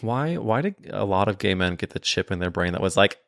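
A man hosting a podcast, chatting casually in a playful, animated way and laughing often. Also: sits low, fairly quick, vocal fry, no echo, studio quality. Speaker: podcast host. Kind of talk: casual chat.

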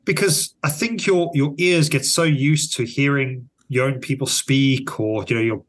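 In a laid-back podcast chat, this co-host with a South African accent muses aloud, thoughtfully restarting sentences and trailing off. His mid-range voice is husky and a bit bright, and he talks a little slowly.

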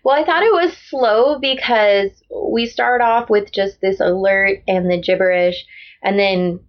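A woman co-hosting a casual book discussion podcast, chatty and animated, quick to agree with her guest. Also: mid-range voice. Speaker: podcast co-host. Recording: lo-fi dull audio.

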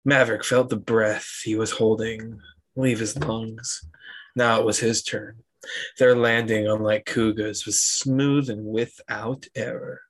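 A man reads a fan story aloud for a podcast, deadpan, with mock-dramatic stress on some words. His voice is somewhat low. The delivery stays casual throughout. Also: measured pace. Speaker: podcast co-host.

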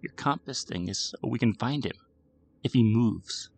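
A man voicing a quiet, eerie little girl with a dry, croaking voice. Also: medium pitch, lively intonation, moderate pace, no room sound.

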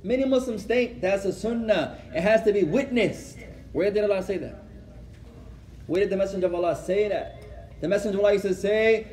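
A man giving a religious lecture, telling a story lively and acting out conversations, often adding Arabic phrases and laughing as he goes. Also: high-pitched, quick pace. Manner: animated, acts out dialogue, code-switches with Arabic phrases; laughs while telling stories. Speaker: Islamic teacher.

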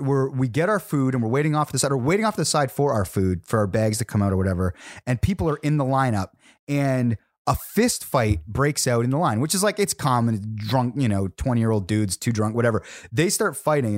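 A man, hosting a podcast and telling animated stories in casual chat. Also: medium pitch, dry recording, clean studio sound. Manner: animated, laughing storyteller, acts out voices. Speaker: podcast host.

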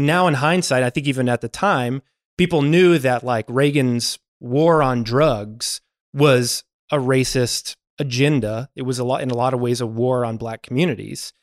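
A man hosting a casual movie podcast, retelling scenes with lively storytelling. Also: mid-range voice, dry recording, studio quality. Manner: animated storytelling with acted quotes. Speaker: podcast host.

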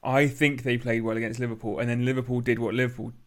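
A man's voice: medium pitch, little pitch movement, fast. A man co-hosting a casual football podcast, talking in dry, teasing banter. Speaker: podcast co-host.

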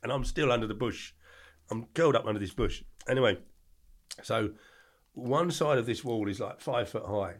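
A man's voice: medium pitch, moderate pace. An older man, telling a long story as a podcast guest and acting out the voices as he goes. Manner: animated storyteller who acts out the voices. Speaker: podcast guest, former doorman. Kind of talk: storytelling in a casual interview.

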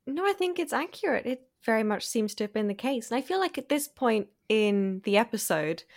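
A woman's voice: fairly high pitch, very animated, fairly quick, creaky. A woman co-hosting a podcast, talking in a blunt, indignant way and swearing now and then. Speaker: podcast co-host. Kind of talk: casual review chat.

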